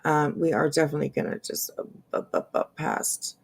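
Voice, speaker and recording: A woman's voice: sits low, animated, fairly quick, gravelly, breathy edge. A woman hosting casual drama commentary, rambling and hesitant with lots of fillers and restarts, and dropping sarcastic asides. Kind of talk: casual commentary over clips.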